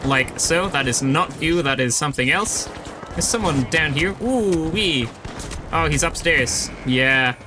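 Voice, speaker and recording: A man's voice: on the high side, a little slow, noisy background. A young man giving casual live commentary while playing a video game, explaining his choices as he goes. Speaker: gaming YouTuber.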